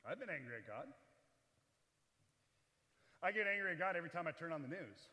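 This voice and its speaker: Pastor guy preaching in a big chapel, bright high voice, long echo, goes loud then quiet. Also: a little fast. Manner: animated, swings between loud and hushed. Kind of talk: chapel sermon. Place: large echoey chapel.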